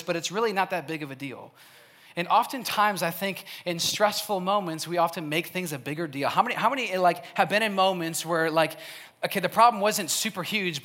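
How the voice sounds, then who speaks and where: A man's voice: high voice, sharp tone. A young man from Wisconsin giving a storytelling sermon, chatty and laughing often, with lots of "like". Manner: casual and chatty, laughs often, heavy use of "like". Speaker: youth speaker. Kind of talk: storytelling sermon to a live audience.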